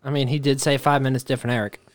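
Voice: mid-range voice, level tone, very fast. A podcast co-host in a casual chat, joking and wry, swearing now and then.

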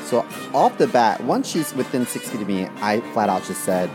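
A man's voice: mid-range voice, big pitch swings, moderate pace, over music. A man co-hosting a podcast, telling a story in a blunt, crude, indignant way. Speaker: podcast co-host. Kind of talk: casual storytelling chat.

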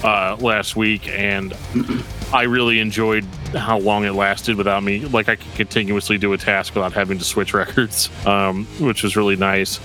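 Casual podcast host, a man with a lowish, bright voice, rambling and easygoing, faint music underneath. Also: level tone, normal speed. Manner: laid-back, rambling with frequent fillers and laughs. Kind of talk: casual chat about metal albums.

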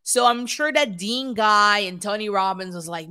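A woman cohosting a podcast in casual chat, animated and rambling, sometimes mimicking others. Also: medium pitch, normal speed, clear, resonant tone, dry recording, clean studio sound.

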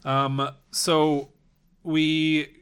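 A man's voice: fairly high pitch, flat delivery, drawn-out words, fairly bright tone, clean tone. A man co-hosting a casual movie review podcast, retelling a plot in a laid-back way with drifting asides. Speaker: podcast co-host.

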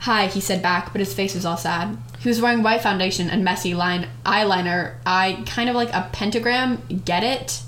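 A woman's voice: mid-range voice, normal speed, few pauses, a bit bright. A young woman with a mid-range voice reads a fanfic aloud on a casual podcast, giggling through the lines and hamming them up. Her home mic catches a lot of room echo, with a faint hiss underneath. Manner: giggly, mock-dramatic reading with frequent laughs. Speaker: podcast co-host.

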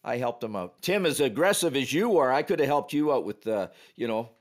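A man's voice: mid-range voice, a little fast. A man, a former hockey referee, telling a story on a podcast and acting out the quotes. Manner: animated storyteller, acts out quotes.

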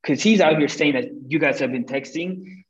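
A young man, a podcast guest, telling a breakup story in casual chat, animated and full of swearing, acting out what people said. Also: a little high, normal speed, lo-fi sound. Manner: animated, profane, acts out quoted lines.

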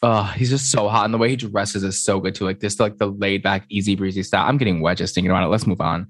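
A man's voice: fairly low pitch, fairly even intonation, quick pace. A man co-hosting a podcast in a campy, chatty way, swearing freely as he gossips. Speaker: podcast co-host. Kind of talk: casual gossip chat.

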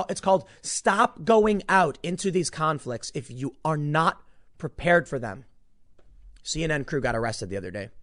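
Male commentary host, slightly high voice, heated and emphatic, stumbles over repeated words mid-rant. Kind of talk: ranting opinion commentary.

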